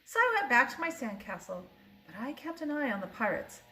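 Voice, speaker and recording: Lively older woman reading a storybook. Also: high voice, a little fast. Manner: lively, expressive read-aloud with small slips. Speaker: grandmother reading to grandchild. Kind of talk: reading a picture book aloud. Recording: roomy echo.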